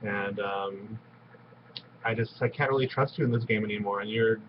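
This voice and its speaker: A man's voice: on the low side, steady tone, normal speed, slight background noise. Blunt man in dull confessional recording. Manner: blunt, dismissive, casual slang. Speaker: contestant in an online game.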